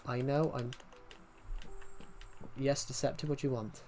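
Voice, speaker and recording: A man's voice: medium pitch, fairly even intonation, measured pace, mellow, soft background music. A young British man chatting casually on a livestream, rambling with many restarts and answering viewer comments. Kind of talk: casual stream chat.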